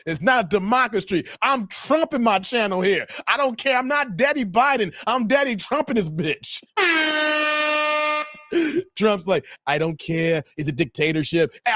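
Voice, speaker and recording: A man's voice: sits high, a bit bright, no room sound, studio quality. A man hosting a live stream, laughing and bantering with his chat.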